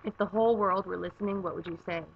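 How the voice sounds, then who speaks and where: A woman's voice: medium pitch, steady tone, fast, gravelly, muffled recording, a little hiss or hum. A young woman chatting casually on her vlog from her garage, rambling with plenty of filler words. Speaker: vlogger. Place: home garage.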